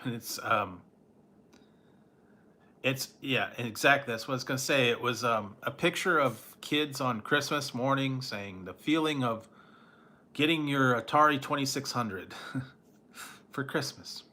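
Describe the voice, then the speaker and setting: Food reviewer, male, loose rambling chat with frequent chuckles; bright, forward tone. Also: mid-range voice, moderate pace. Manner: rambling, chuckles often between remarks; nostalgic, trails off and restarts. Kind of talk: casual chat.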